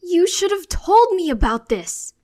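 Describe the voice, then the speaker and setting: A woman's voice: fairly high pitch, very animated, takes it slowly, a little mellow. A woman voicing a whiny, anxious teen boy. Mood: upset. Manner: whiny, stammering when nervous.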